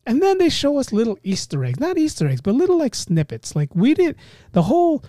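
A man hosting a casual solo podcast, talking in an animated, rambling way and often cutting himself off mid-thought. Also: very high voice, brisk, no room sound, studio quality. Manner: animated, rambling, self-interrupting. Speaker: podcast host.

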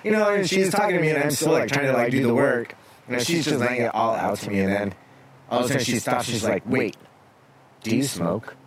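A man, a makeup artist and podcast guest, telling a story in a lively, conversational way. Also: medium pitch, quick pace, a crowd in the background. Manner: animated storyteller acting out quotes. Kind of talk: casual storytelling chat.

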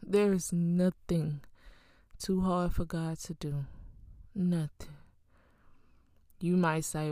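A woman's voice: fairly low pitch, steady tone, slow pace, pauses often, dark tone, no room sound, clean studio sound. A woman preaching her own testimony with fervent feeling, repeating phrases for emphasis and calling listeners "child" and "honey". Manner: laughs between lines.

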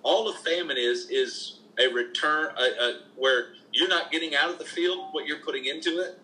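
A middle-aged man, a minister, telling faith stories in an animated, emphatic preaching style as a podcast guest. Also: fairly high pitch, moderate pace, poor audio. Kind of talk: conversational preaching testimony.

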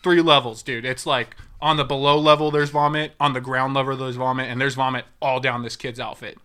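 A young man with a bright, forward voice, telling a story in loose casual chat. He acts out what people said as he goes and swears freely, all at an ordinary middle pitch. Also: brisk. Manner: animated storyteller acting out quotes, swears freely.

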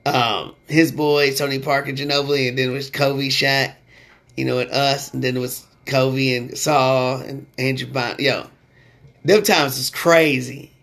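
A man hosting a sports podcast in a casual, slangy way, getting loud and excited when he rants. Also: medium pitch, unhurried, vocal fry.

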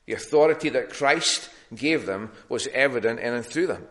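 A man's voice: medium pitch, animated, normal speed, a bit bright. Man preaching an earnest sermon. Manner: earnest, plain-spoken with frequent restarts. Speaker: pastor.

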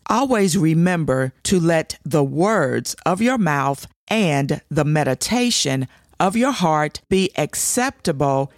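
A woman's voice: low-pitched, no room sound. A woman hosting a devotional show, teaching scripture with emphatic, repeated declarations.

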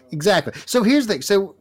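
A man co-hosting a casual comic book talk show, animated and laughing often as he reads panels aloud. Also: high voice, normal speed, slightly rough. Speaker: podcast co-host.

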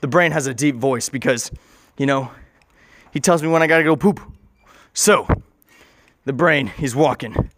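A man's voice: medium pitch, moderate pace, long pauses, fairly bright tone, no echo, studio quality. Rambling man spinning a wild tale. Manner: rambling, self-correcting, joking asides. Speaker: storyteller. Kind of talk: casual improvised storytelling.

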